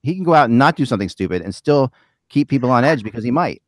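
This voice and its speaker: A man's voice: medium pitch, lively intonation, dry recording, studio quality. A man hosting a casual sports podcast, rambling with many restarts. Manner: fast, rambling, lots of restarts. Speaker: podcast host.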